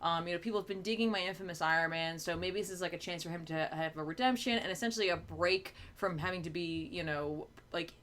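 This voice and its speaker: A woman's voice: fairly low pitch, fast talker, few pauses, fairly bright tone. A woman hosting a comics podcast, leading the talk in a casual, chatty way and laughing often. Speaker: podcast host. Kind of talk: casual chat.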